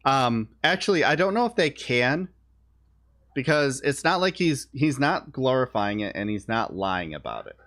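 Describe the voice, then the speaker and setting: A man's voice: medium pitch, very animated, moderate pace, fairly bright tone. A man who streams live, giving casual political commentary in a blunt, sarcastic way and swearing offhandedly.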